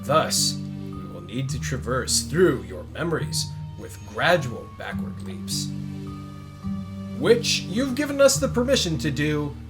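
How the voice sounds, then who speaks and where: Animated man reading game lines. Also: a little high, slow pace, over music. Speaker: charity stream co-host. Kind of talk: reading game text aloud.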